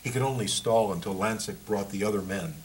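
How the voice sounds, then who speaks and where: A man, the author, reading aloud from his book in a measured, steady way. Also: lowish voice, a little hiss or hum, low-quality recording.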